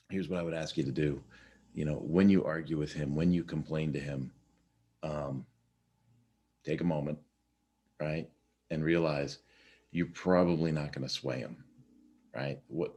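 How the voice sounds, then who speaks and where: A man with a very deep, slightly husky voice talks through a casual morning check-in. He rambles conversationally, circling back with fillers and restarts as he goes. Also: steady tone, moderate pace, pauses often, a little mellow. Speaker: podcast host.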